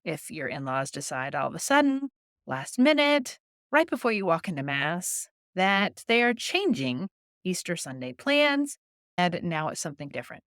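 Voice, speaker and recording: A woman hosts an advice podcast in a calm, coaching tone, acting out brief, firm phrases for listeners to use. Her pitch moves around a lot as she talks. The recording is dry and close, with no room sound. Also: moderate pace, dry recording. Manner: calm, coaching, models short scripted replies. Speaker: podcast host.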